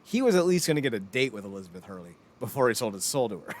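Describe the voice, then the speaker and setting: Lively joking man in his thirties. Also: medium pitch, very fast. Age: 30s. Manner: animated, joking, laughs often. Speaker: podcast host. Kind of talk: casual chat.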